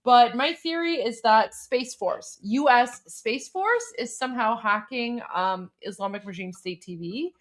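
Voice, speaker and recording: High-pitched female host, excitable, exclaims a lot, casual chat. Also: a little slow, hardly any pauses. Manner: animated, exclamatory.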